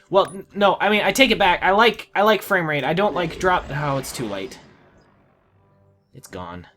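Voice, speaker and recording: A man's voice: high-pitched, lively intonation, normal speed, fairly bright tone, faint music behind. A man giving casual gameplay commentary, talking to the game with exasperated outbursts. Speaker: let's play gamer.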